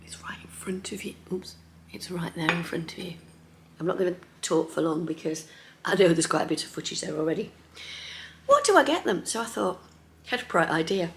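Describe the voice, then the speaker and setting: A middle-aged woman chatting casually in her sewing vlog, lively and chatty, sometimes dropping to a soft near-whisper. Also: fairly low pitch, fairly quick, background noise. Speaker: sewing vlogger.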